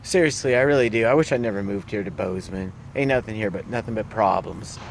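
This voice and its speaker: A man's voice: fairly low pitch, fast, creaky. Guy venting on his vlog, swears a lot, rambles, outside with a little traffic noise. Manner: blunt, profane, rambling complaints. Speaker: vlogger. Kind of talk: casual ranting vlog.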